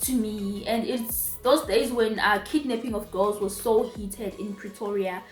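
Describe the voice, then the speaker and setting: Animated Zimbabwean woman, echoey room. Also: mid-range voice, unhurried. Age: young adult. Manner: animated, emphatic repetitions. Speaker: vlogger. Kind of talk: casual storytime. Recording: roomy echo, faint music.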